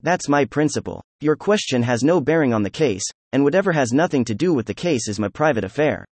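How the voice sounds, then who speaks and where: An excitable young nobleman, read by a man in a steady mid-range voice, effusive and proud as he pushes back against his questioners. The sound is dry and close, with no room around it. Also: mid-range voice, a little fast, no room sound, lightly acted. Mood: defiant. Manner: effusive, emphatic, laughing.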